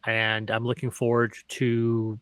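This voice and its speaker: A man's voice: mid-range voice, monotone, slow, fairly bright tone, dry recording. A man co-hosting a gaming podcast who runs his own campaigns, speaking hesitantly with frequent restarts. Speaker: podcast co-host, game master. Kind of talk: casual podcast chat.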